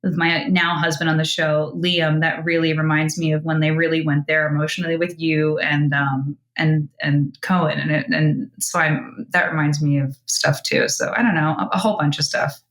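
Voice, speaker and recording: A woman's voice: low-pitched, level tone, fairly bright tone, roomy sound. A young woman chatting as a podcast guest, rambling and laughing as she talks. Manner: rambling, quick, laughs often. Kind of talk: casual chat.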